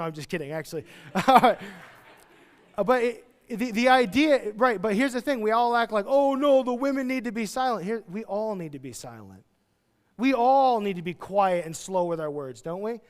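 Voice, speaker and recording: A man preaching a sermon as pastor, chatty and jokey, with sudden loud, excited outbursts. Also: very high-pitched.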